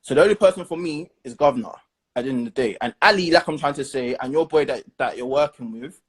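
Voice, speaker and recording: A young man hosting a casual chat, giving blunt, animated opinions packed with slang. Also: medium pitch, fast, slightly rough. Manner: blunt, animated, leans on slang and "do you understand".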